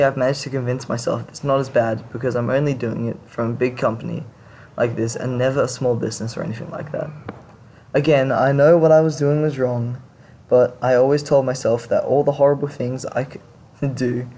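A man's voice: mid-range voice, gravelly, dark tone, slight background noise. A man hosting a show, reading confession stories aloud and reacting to them in blunt, casual talk with some swearing. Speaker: podcast host reading stories.

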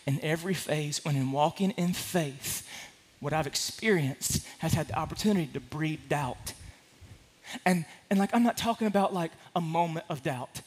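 A man preaching a sermon to a congregation, impassioned, swinging from hushed to loud. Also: fairly high pitch. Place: large room with a congregation.

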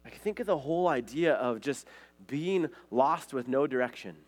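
A man's voice: mid-range voice, animated, normal speed. A man from Montana, preaching a conversational sermon and telling stories in a casual way, often saying "like" and "right?". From Montana, USA. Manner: casual storytelling, frequent "like" and "right?". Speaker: pastor.

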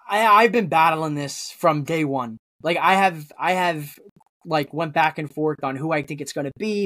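A man's voice: on the high side, a bit bright, no echo. A man guesting on a wrestling podcast, rambling through theories in casual chat, with lots of restarts.

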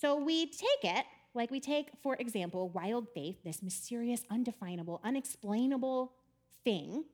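High-voiced woman telling a story. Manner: chatty and animated, laughs often. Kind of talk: storytelling talk on faith.

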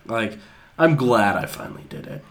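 Young man, casual podcast chat, rambling, lots of fillers, animated storyteller, mid-pitched voice. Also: moderate pace, slight background noise. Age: young adult. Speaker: podcast co-host.

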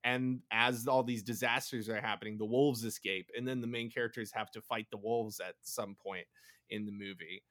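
A man's voice: lowish voice, normal speed, dry recording. Laughing man with a dry, close sound. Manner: laughing, animated storytelling. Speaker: podcast host. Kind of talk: casual movie chat.

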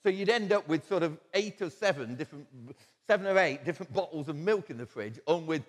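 Guy giving a sermon, chatty storyteller, slightly higher voice, long hall echo. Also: expressive, fairly quick. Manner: conversational storytelling with quoted asides and chuckles. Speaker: preacher. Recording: long church-hall reverb.

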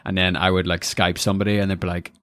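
A young man from Northern Ireland with a Northern Irish accent, hosting a podcast in casual chat, animated and quick to laugh. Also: sits low, clear, resonant tone, no room sound. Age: young adult. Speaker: podcast host.

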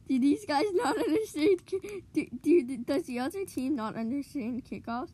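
A woman giving excitable live commentary on her own gameplay, cheering goals and groaning at misplays. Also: sits high, normal speed, hardly any pauses. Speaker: gamer streamer.

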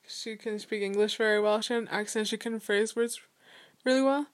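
A young woman in a casual chat, animated and giggly, acting out the people in her stories. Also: mid-range voice, a little fast. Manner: giggly, animated storyteller who acts out quotes.

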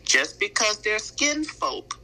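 A man's voice: sits high, very animated, slow, sharp tone, low-quality recording. A man talking in a casual chat, earnest and reflective, speaking in a confessional way.

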